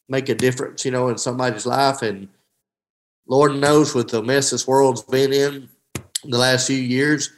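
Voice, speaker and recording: A middle-aged man with a drawl tells fishing stories in a relaxed interview. He speaks in a folksy, heartfelt way, keeps saying "dude," and trails off and restarts his sentences as he goes. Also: mid-range voice, rough recording. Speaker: professional angler, guest. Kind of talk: emotional casual interview.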